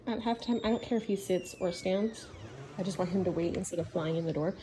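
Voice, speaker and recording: A woman dog trainer talking casually through a training session, switching between chatty explanations and sharp, high commands to her dog. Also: fast, slight background noise. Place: outdoor yard.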